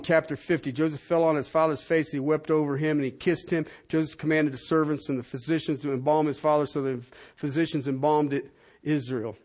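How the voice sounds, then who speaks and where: Preaching in a church hall, a pastor moves between booming, building declarations and quiet, gentle prayer. He is a man with a slightly high voice.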